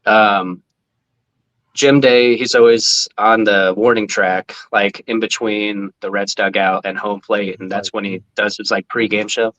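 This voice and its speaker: A former team mascot, appearing as a guest on a podcast, tells a story in a loose, animated style at a measured pace. He swears freely, laughs a lot, and his pitch leaps up whenever he quotes someone. The recording is rough.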